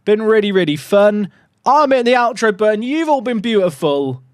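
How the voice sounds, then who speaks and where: A man hosting a casual livestream, sleep-deprived, cooing softly at a puppy and chatting upbeat with viewers. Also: high voice, expressive, normal speed. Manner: coos softly at a puppy, then chats upbeat with his viewers. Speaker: livestream host.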